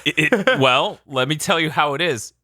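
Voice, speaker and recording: A man hosting a podcast in casual chat, animated and joking, swearing freely. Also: fairly high pitch, normal speed. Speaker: podcast host.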